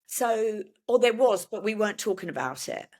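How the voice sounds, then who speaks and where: An older woman, a podcast guest, telling her story haltingly with many restarts and fillers. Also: medium pitch, lively intonation, a little mellow. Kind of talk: emotional personal conversation.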